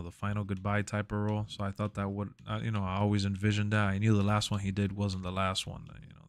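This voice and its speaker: A man streaming live, chatting casually in a relaxed, rambling, slangy way into a close mic. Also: on the low side, clean tone, no room sound.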